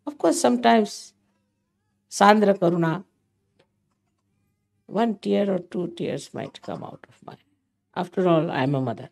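A woman's voice: on the low side, expressive, unhurried, gravelly, pauses often, darkish tone. Emphatic older woman teaching. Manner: emphatic, scolding, motherly. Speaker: spiritual teacher. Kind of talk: spoken talk to followers.

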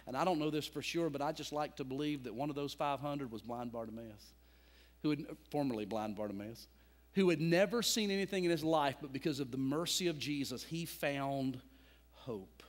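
A male pastor preaching a sermon, telling a story dramatically and swinging between loud and hushed. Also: mid-range voice, normal speed. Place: church sanctuary. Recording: long church reverb.

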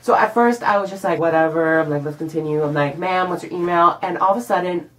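A young man vlogging a casual storytime monologue, animated and profane, acting out what he said in the moment. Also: a little high, quick pace, poor audio. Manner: animated and profane, acts out his own lines.

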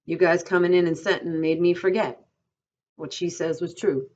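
A woman's voice: on the low side, fairly even intonation, normal speed, darkish tone, lightly acted. A woman reading aloud, voicing a proud, bitter stable hand who talks coldly and guardedly, in a dull lo-fi recording.

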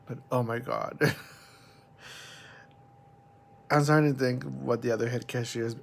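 Rambling, gravelly-voiced young man. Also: fairly even intonation, a little slow, long pauses, slight background noise. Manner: rambling, chatty, talks to his cat in a high cooing voice. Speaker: vlogger. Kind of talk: casual chat to camera. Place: at home, pet cat nearby.

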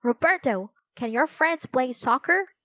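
A woman's voice: a little high, measured pace, no room sound, close to an everyday voice. A woman reading aloud voices an older boy who leads a neighborhood team, calling out in a brash way.

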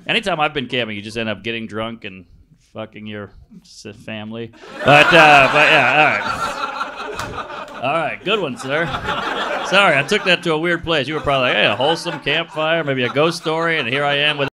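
A man's voice: mid-range voice, a little fast. A man doing improvised stand-up comedy on a club stage, working the crowd with blunt, crude, self-mocking jokes. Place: comedy club stage before a laughing audience. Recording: live club recording with audience noise.

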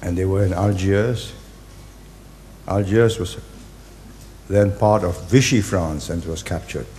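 A man, giving a public speech in deliberate, halting phrases and hitting key words hard. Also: low voice, a little mellow, slight background noise. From Singapore. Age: 80s. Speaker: invited speaker.

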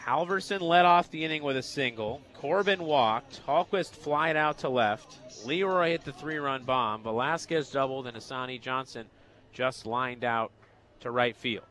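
A young man calling baseball play-by-play, excitable and rising to shouts on the big hits. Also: mid-range voice, measured pace. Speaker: radio play-by-play announcer.

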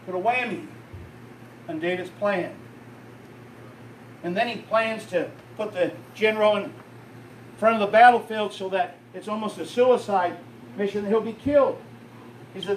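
High-voiced pastor preaching in a roomy church. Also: male voice, moderate pace, pauses often, slight background noise. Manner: storytelling preacher, rising and falling in intensity. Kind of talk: sermon. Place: church sanctuary. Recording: roomy, distant church recording.

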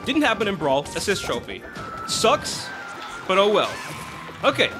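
A man's voice: sits high, a little slow. A young man hosting a gaming let's play, ranting with exasperation and tossing in "right?" again and again. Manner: animated, exasperated ranting with many "right?" asides. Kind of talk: ranting gameplay commentary. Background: game music.

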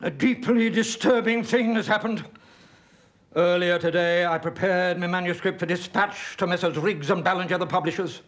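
A grave, pompous older gentleman, with a fairly high voice. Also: normal speed.

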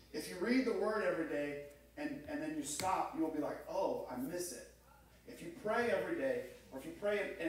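Pastor preaching in an echoey church. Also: male voice, fairly high pitch. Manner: storytelling, acts out quoted voices. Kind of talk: sermon. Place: church sanctuary. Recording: echoey room, mic far off.

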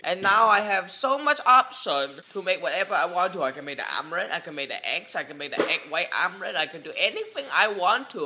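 Loud, excitable comic male vlogger. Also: high voice. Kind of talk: comedic vlog chat.

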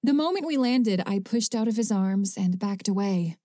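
Mellow woman reading an audiobook. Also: medium pitch, lively intonation, moderate pace, no echo, clean studio sound. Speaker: audiobook narrator. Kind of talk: first-person audiobook narration.

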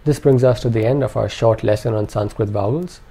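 Another male language teacher reads a scripted lesson, sounding out every syllable with care and repeating words so listeners can practice. His fairly low voice is gravelly, husky and warm, and he moves a little fast.

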